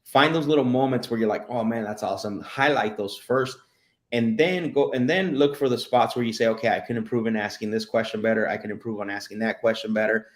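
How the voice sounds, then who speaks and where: A man's voice: medium pitch, fairly quick, echoey room. Sales coach guy chatting on a podcast, keeps restarting his sentences, laughs a lot. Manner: animated, repeats and restarts words, laughs while telling stories. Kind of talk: casual podcast chat.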